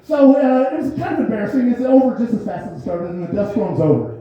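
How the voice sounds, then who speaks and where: A man's voice: sits high, expressive, fast talker. A man doing a stand-up comedy set, telling a loose, rambling story and laughing often at his own lines. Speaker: stand-up comic. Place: small comedy theater stage. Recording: very echoey, dull theater recording.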